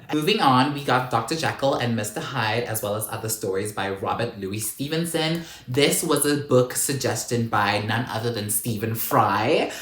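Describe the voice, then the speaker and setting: A man's voice: medium pitch, expressive, moderate pace, few pauses, fairly bright tone. A man chatting casually about his book pickups in a playful, exclamatory, campy way, full of asides. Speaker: book vlogger. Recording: roomy echo.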